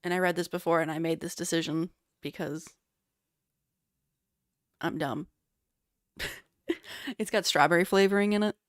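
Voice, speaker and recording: A woman's voice: fairly low pitch, fairly even intonation, moderate pace, pauses often, no echo, studio quality. A woman co-hosting a casual podcast, chatting loosely and reading out beer details with plenty of filler words. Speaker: podcast co-host. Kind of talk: casual chat.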